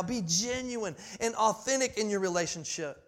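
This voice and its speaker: A man in his forties preaching a sermon, passionate and full of restarts, swinging between loud emphasis and quiet asides. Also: high voice, normal speed. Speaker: pastor.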